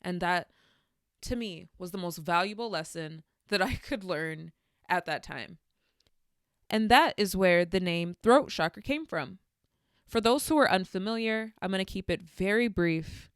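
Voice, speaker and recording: A woman's voice: lowish voice, animated, a little slow, clean tone, no room sound, clean studio sound. A young adult woman hosting a solo podcast, speaking candidly and telling stories with spiritual musings. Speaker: podcast host. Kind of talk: reflective solo podcast monologue.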